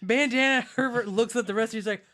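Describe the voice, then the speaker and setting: A woman's voice: on the high side, fast, sharp tone. A woman narrating as game master of a tabletop game, playful and laughing often.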